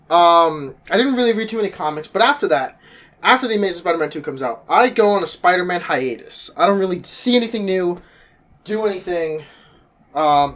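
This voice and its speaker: Animated young man with a high, lively voice. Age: young adult. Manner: animated, quick shifts in pitch, jokey asides. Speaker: vlogger. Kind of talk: casual monologue to camera.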